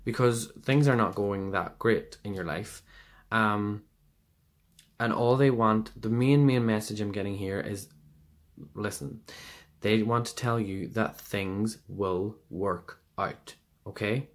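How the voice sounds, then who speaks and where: A man's voice: lowish voice, slow. A man giving a casual pick-a-card tarot reading, rambling and hesitant, with many fillers and restarts. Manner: rambling and hesitant, full of fillers and self-corrections.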